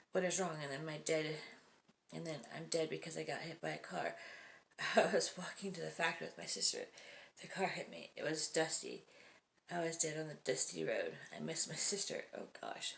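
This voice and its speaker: A woman with a low, gravelly voice reads short spooky stories aloud as the host of her video. She breaks off for casual comments, laughing often and dropping into hushed, whispered asides. A faint hiss sits under her voice. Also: moderate pace.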